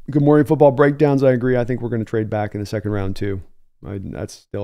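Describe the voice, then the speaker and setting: A man's voice: mid-range voice, little pitch movement, fast talker, dark tone. A man hosting a live-stream show in casual chat, thinking aloud as he reads and answers viewer comments from home. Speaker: podcast host.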